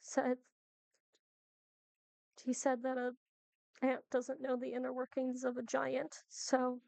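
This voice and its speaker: High-voiced woman playing dnd, slow steady talk, laughs a lot. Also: creaky, dry recording. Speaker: player. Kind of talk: casual tabletop play.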